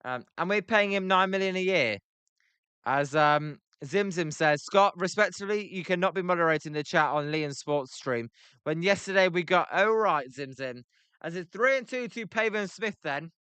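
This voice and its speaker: A young British man with a British accent calling a baseball game on a livestream, reading chat aloud between pitches with lots of filler words. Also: moderate pace, pushed and bright, clear, resonant tone, no echo. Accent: British English. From Britain. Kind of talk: casual play-by-play livestream commentary.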